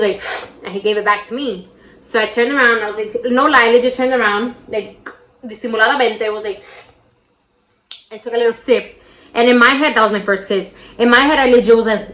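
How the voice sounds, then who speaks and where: A woman's voice: a little high, fairly bright tone. A young woman telling a childhood story in a casual, slangy way while doing a makeup tutorial, shrieking when she quotes her friends. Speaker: makeup vlogger. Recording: roomy echo.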